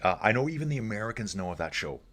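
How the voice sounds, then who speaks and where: A man hosting a live cycling stream, talking in a loose, rambling way as he reads out the chat. He keeps calling his viewers dude and guys, and his voice sits a little on the low side. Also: big pitch swings, very fast, fairly bright tone. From Canada. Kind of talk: casual live stream commentary reading chat.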